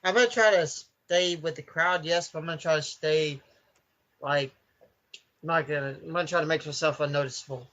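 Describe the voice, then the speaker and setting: Bright-voiced male player on a dull call line. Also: on the high side, steady tone, a little fast. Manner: rambling, self-correcting. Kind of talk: casual game talk. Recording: dull online call audio.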